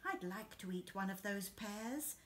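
A woman voicing an eager, bouncy and slightly greedy hare in a picture-book read-aloud, talking in an excited, chirpy way. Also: medium pitch, a little slow, a little hiss or hum.

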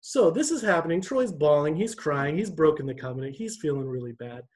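A young man giving a church devotion, telling a personal story in an animated, conversational way. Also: fairly high pitch, a little fast, rough recording.

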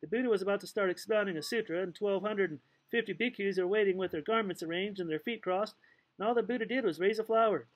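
A man's voice: sits high, fast talker, poor audio. A man reading a novel aloud in a loose, playful way, stumbling now and then and making asides. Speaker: audiobook reader. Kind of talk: casual read-aloud narration.

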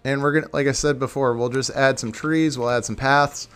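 A man's voice: medium pitch, fairly even intonation, brisk, fairly bright tone, faint music behind. A man giving casual gameplay commentary for a building tutorial, chatting to viewers and thinking aloud as he corrects himself. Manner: chatty, talks to viewers as "guys". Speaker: video game tutorial creator.

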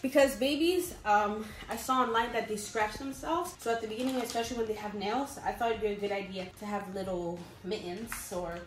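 A young woman chatting excitedly through a baby gift haul, calling her viewers "mates". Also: mid-range voice, fairly quick, few pauses, a little hiss or hum. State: pregnant, briefly out of breath. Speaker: vlogger. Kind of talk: casual haul vlog. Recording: echoey room.

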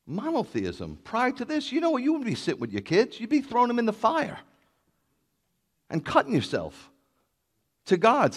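A man preaching as a rabbi, emphatic and building to loud declarations. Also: on the high side. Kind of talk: sermon.

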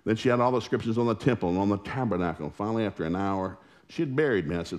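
A man with a deep, low voice preaches in a church, spinning family stories in a folksy, animated style. He acts out the quoted lines as he goes. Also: racing. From Oklahoma. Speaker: pastor. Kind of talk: storytelling sermon.

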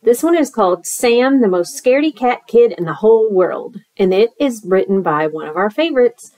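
A woman teacher reading a picture book aloud to children, expressive and playful, with squeals and sound effects. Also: a little high, moderate pace, dry recording.

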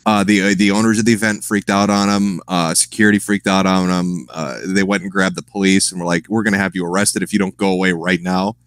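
A man's voice: low-pitched, fairly even intonation, quick pace, few pauses, fairly bright tone, clear, resonant tone, no echo. A man chatting casually as a stream guest, rambling, swearing often and laughing at his own jokes. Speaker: guest on a live stream show. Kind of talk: casual profane chat.

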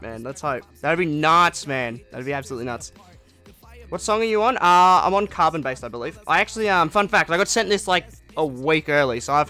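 A man's voice: on the high side, bright, forceful tone. A young man streaming a game live, chatting casually with viewers and answering their comments in an upbeat way. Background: faint music.

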